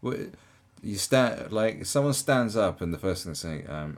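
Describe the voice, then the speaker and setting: A man's voice: lowish voice, lively intonation, normal speed. A man giving casual reaction commentary in an incredulous, mocking way, laughing often.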